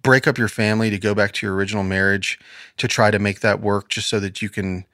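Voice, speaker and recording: A man's voice: lowish voice, little pitch movement, fast talker, fairly bright tone, no echo, studio quality. A man co-hosting a casual faith podcast, talking earnestly and quoting scripture in a preacherly way. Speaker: podcast co-host. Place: podcast studio.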